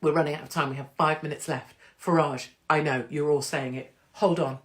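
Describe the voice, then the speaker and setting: A woman hosting a casual livestream chat, cheeky and excitable, rambling with asides and joking interruptions as she reads out announcements. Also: low-pitched, a little fast. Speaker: host.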